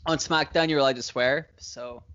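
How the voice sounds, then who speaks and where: A man's voice: mid-range voice, fairly even intonation, normal speed, a bit bright, dull audio. A man co-hosting a casual chat, rambling and swearing freely with frequent laughs. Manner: rambling, profane, laughs often. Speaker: podcast co-host booking wrestling shows.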